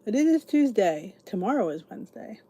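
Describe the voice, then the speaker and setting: A woman's voice: mid-range voice, very animated, brisk, gravelly, dark tone, muffled recording, a little hiss or hum. A middle-aged woman hosting a casual livestream chat, greeting viewers by name and chatting freely. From United States. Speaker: host.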